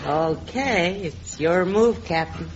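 A slow coy flirt. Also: female voice, fairly low pitch, heavy background noise. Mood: flirty. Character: flirtatious woman teasing the captain. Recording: dull old radio recording, loud studio audience.

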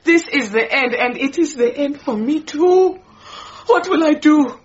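An actress playing an indignant, possessive housemaid who complains dramatically, in a radio drama. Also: female voice, high-pitched, animated, measured pace, highs cut off. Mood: wailing. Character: indignant, possessive housemaid, middle-aged woman.

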